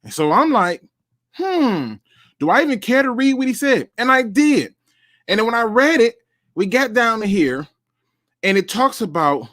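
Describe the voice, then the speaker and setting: A man hosting a solo sports talk show, speaking straight to his viewers and reacting as he reads. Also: high voice. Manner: animated, talks to viewers directly, reads out and reacts.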